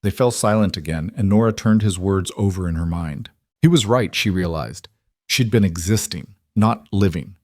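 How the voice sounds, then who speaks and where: Low-voiced man narrating a calm story. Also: no echo, clean studio sound. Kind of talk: scripted narration.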